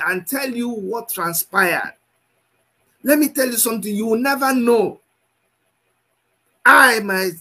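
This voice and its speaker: A man giving impassioned commentary, scolding and repeating himself, at times shouting. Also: high-pitched, husky, low-quality recording.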